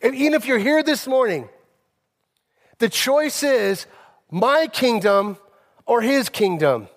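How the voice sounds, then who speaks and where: A male pastor delivering a sermon, telling personal stories with emphasis and slowing down on key phrases. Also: very high voice, lively intonation. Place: church sanctuary. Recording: long reverb of a church hall.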